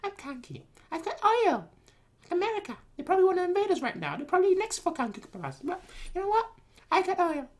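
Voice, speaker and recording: A woman voicing a cocky, mocking male warlord who taunts his enemies in a drawn-out, teasing way. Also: very high voice, very animated, voice pushed up. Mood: taunting.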